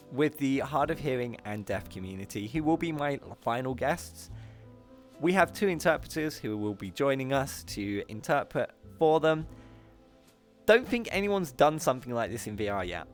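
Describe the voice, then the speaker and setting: Over soft background music, a British man speaks in a sing-song, mid-range voice at normal speed. He's hosting a VR talk show livestream, affectionately greeting chat, giggling a lot and making fun of himself in a bubbly way.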